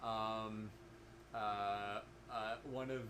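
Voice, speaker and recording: A man co-hosting a game stream, joking dryly and pausing often with fillers. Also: fairly low pitch, steady tone, background noise. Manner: dry humor, hesitant with many fillers. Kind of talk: casual chat while gaming.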